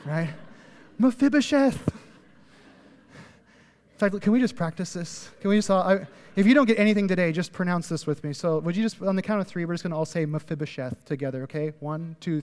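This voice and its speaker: With a high, darkish voice echoing through a big church hall, a man delivers a sermon as pastor. He's conversational and emphatic, leans on "like" a lot, and draws the audience into answering back.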